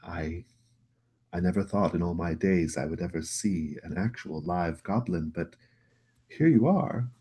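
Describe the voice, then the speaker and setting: A man's voice: unhurried, warm tone, breathy edge. A man voicing a whiny, clingy young noble brother with a petulant, wheedling manner. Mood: haughty. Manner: petulant, wheedling, then shrill.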